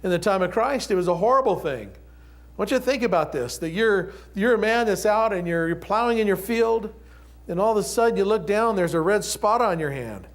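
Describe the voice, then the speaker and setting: A middle-aged male pastor preaching in a relaxed, conversational way. His voice sits a little high for a man, and he slips into playful acted-out voices as he tells the story. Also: fairly quick. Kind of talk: sermon.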